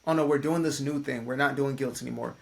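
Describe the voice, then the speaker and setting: A man's voice: mid-range voice, steady tone, quick pace, creaky, close to an everyday voice. A man voicing his own brain as a reluctant figure that gives in to old habits, speaking in a hesitant, resigned way.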